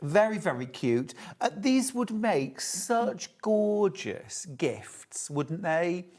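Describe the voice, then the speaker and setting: A man's voice: high-pitched, big pitch swings, takes it slowly, a little mellow. A man in his fifties presenting a live TV shopping show, chatty and teasing as he sells. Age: 50s. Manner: jokey, teasing, upbeat selling.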